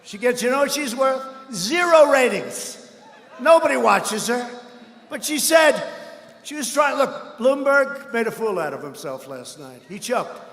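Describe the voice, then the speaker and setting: A man giving a rambling, boastful campaign rally speech, often breaking into shouts. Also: very high-pitched, animated, unhurried. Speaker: political speaker at a rally. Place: large rally hall. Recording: echoey hall with long reverb.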